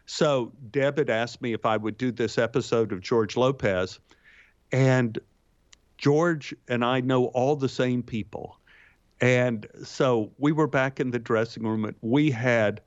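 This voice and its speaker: An actor appearing as a guest tells anecdotes like a lively raconteur, jumping his pitch for punchlines and quotes. The recording has no echo, and its highs are cut off.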